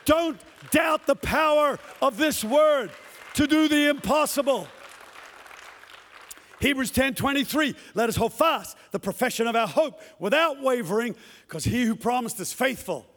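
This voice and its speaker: Male preacher, fervent sermon delivery, acts out quotes; very high-pitched, long hall reverb. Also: lively intonation, measured pace, a bit bright, some chatter behind. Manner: impassioned, acts out the lines he quotes. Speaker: pastor. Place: church hall with a congregation.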